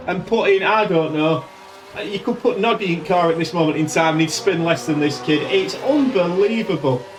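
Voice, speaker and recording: A man's voice: fairly high pitch, normal speed, background noise. A man commentating his racing management game in a casual, exasperated way. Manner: exasperated, running race commentary. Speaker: gaming video host. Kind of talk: casual let's-play commentary. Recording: distant mic with game music behind. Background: game music.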